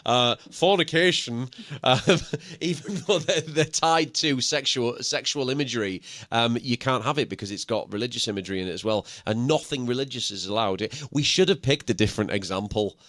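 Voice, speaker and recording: A man's voice: mid-range voice, a little fast, hardly any pauses, a bit bright, no echo. A man with a Yorkshire accent chatting animatedly on a live stream, laughing and restarting often. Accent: Yorkshire English. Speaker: co-host, wedding musician. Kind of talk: casual live-stream chat.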